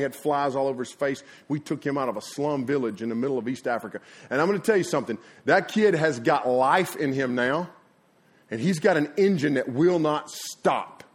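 A middle-aged man preaching a sermon, folksy and animated, laughing at his own stories and acting out sounds. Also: mid-range voice, breathy edge. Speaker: pastor. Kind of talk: energetic sermon storytelling. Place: church before a congregation.

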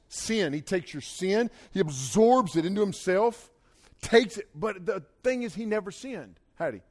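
A middle-aged man, preaching an animated sermon to a conference crowd, mixing casual asides with shouted dramatic lines. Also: a little high.

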